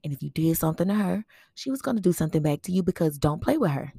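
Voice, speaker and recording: A woman's voice: on the low side, animated, fast talker, warm tone, breathy edge, dry recording, studio quality. A woman hosting a podcast, telling a personal memorial story in a conversational way and often checking in with "right?". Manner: reflective storytelling with fillers. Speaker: podcast host.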